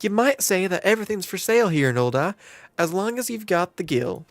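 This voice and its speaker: A man's voice: sits high, very animated, a little fast, no echo, voice pushed up. Man doing a drawling folksy innkeeper lady. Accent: put-on Southern US drawl. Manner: homey turns of phrase, stumbles over words while reading. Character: folksy middle-aged woman guild innkeeper, shrewd and teasing. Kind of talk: reading game dialogue aloud in character.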